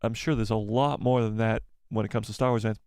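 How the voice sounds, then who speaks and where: A man hosting a live fan show, chatting casually, reading donation messages and reacting with animated repeats. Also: on the low side, fairly quick, clear, resonant tone, no room sound, studio quality. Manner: animated, exclaiming, repeats himself.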